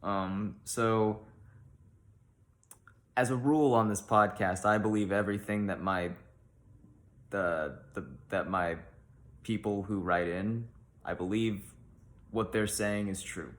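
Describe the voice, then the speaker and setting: Deep-voiced deadpan man hosting an advice show. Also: slow, pauses often. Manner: rambling and awkward, lots of ums and likes. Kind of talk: deadpan comedic monologue.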